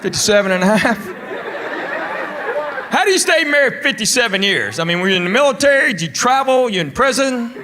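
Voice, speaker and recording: A middle-aged man doing a stand-up comedy routine on a theater stage, telling deadpan stories and chatting with the audience. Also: very high-pitched, fairly quick. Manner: deadpan storytelling with crowd work. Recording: live show with loud crowd and noise. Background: loud audience laughter.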